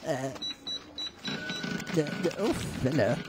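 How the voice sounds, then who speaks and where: A man's voice: a little high, lively intonation, slow pace. A man vlogging a holiday with cheeky, teasing commentary, outdoors in a busy tourist town. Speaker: travel vlogger. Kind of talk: casual handheld travel commentary. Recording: busy crowd noise around.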